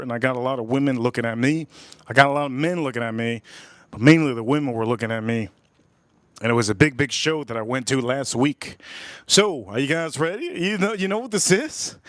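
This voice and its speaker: A man hosting a casual livestream, talking to his chat in an animated way and repeating his phrases. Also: on the high side, no room sound. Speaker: livestream host.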